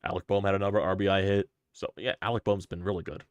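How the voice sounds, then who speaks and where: A man's voice: low voice, flat delivery, fast talker, no room sound. A man hosting his own sports channel, giving a casual, emphatic game recap with repeated points. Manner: heated, swearing rants; repetitive, emphatic delivery.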